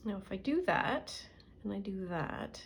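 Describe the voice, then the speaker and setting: This middle-aged woman speaks expressively and a little slowly, with a medium-pitched, creaky voice and slight background noise. While working on a junk journal in a casual crafting vlog, she rambles through stories and mutters to herself.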